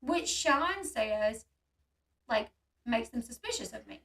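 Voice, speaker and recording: A woman's voice: on the high side, slow, distant mic. A woman hosting a casual chat, animatedly telling a story and acting out the voices of the people in it. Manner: animated, acts out quoted voices. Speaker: channel host.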